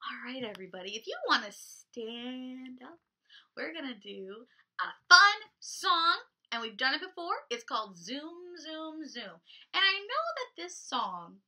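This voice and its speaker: A woman leading a children's storytime with an animated, encouraging manner. Her high voice swings widely and moves slowly. The tone is very bright. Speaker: children's librarian. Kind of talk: storytime reading for kids.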